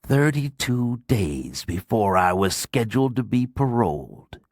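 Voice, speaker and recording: Male voice actor for a vengeful dead man: gravelly, menacing, slow, very dry audiobook read. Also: big pitch swings, darkish tone, dry recording. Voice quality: deep gravelly voice. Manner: menacing, speaks through clenched teeth. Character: vengeful dead man, cold, merciless, spiteful. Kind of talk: audiobook character voice.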